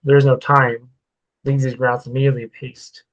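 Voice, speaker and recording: A man putting on a proud older gentleman who barks orders in stiff, old-fashioned phrases. The voice stays level and unvaried in pitch, with a stern, commanding edge. It comes across as a storybook reading, not a full performance. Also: little pitch movement, a little fast, no echo, highs cut off, natural voice.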